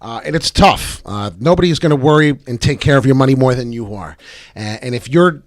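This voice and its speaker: A man hosting a live crypto trading stream, brash and profane, talking fast with lots of filler ums. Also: mid-range voice, lively intonation, dry recording. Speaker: crypto trading livestream host. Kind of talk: live market commentary.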